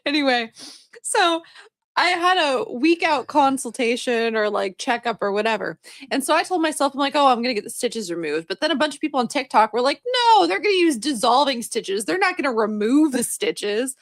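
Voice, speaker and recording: A woman's voice: high-pitched, lively intonation, a little fast, dry recording. Rambling, laughing young woman, dry close mic. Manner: rambling, laughing, apologetic storytelling. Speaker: podcast co-host. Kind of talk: casual chat.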